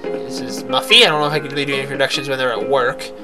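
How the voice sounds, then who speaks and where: Over loud game music, a worn-out man hosting a let's play chats casually about his farming game. His medium-pitched voice stays fairly even in intonation and runs fast, and his talk wanders, full of self-deprecating jokes and frequent restarts.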